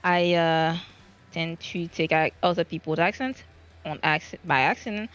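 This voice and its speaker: On the low side and a bit bright, her voice moves a little slowly while faint music plays behind. A French Caribbean woman with a Creole accent, she rambles through casual stream chat, restarting often and putting herself down, in dull lo-fi sound.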